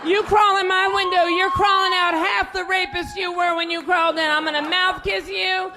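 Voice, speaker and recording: A brash woman performing stand-up, shouting some of her punchlines. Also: very high-pitched, level tone, normal speed. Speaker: stand-up comedian. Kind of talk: stand-up set. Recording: live club with loud crowd and noise.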